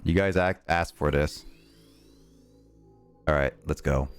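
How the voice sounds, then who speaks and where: A young man streams a game and chats casually with his viewers, rambling and laughing often. His very deep voice is slow and clean in tone, with soft music in the background.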